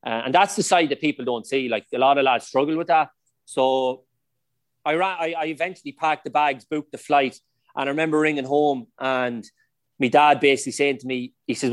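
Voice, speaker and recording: A middle-aged man with an Irish accent spins long, chatty stories in a relaxed interview. His delivery is anecdotal and loose, sprinkled with "like" and "you know". The sound is dry and close, with no room echo. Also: medium pitch, fairly quick. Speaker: podcast guest, former footballer. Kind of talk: casual storytelling interview.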